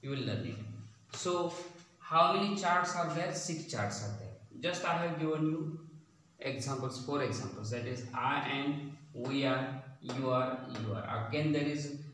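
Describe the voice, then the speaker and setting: A man's voice: medium pitch, animated, a bit bright, slight background noise. Echoey male grammar teacher. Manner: slow, repetitive explaining with drawn-out words. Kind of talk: classroom-style grammar lesson. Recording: very echoey room, distant mic.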